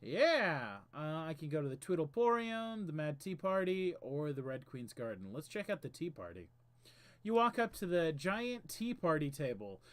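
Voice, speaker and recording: Lively, high-voiced man streaming a game. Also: moderate pace. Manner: chatty, reads text aloud with stumbles. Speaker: streamer host. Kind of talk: casual game stream, reading game text aloud.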